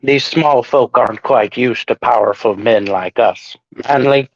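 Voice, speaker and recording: A man playing a tabletop game, deadpan and mock-boastful. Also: mid-range voice, a little slow, dry recording. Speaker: player. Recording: dull lo-fi sound, dry, off-mic.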